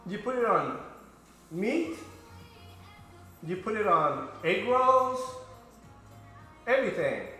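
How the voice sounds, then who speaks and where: A man's voice: high voice, sing-song, takes it slowly, pauses often, sharp tone. A man, chatting playfully to his viewers as he demonstrates cooking at home. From Vietnam. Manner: chatty, playful, talks to viewers as boys and girls. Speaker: home cook host. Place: home kitchen. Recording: very echoey kitchen, faint music.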